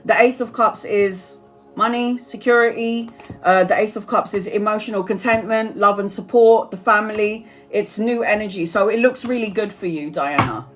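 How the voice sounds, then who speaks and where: A woman's voice: mid-range voice, normal speed, faint music behind. A woman giving tarot readings on a live stream, talking earnestly and apologizing often, repeating herself as she reassures viewers. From Brazil. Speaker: tarot reader.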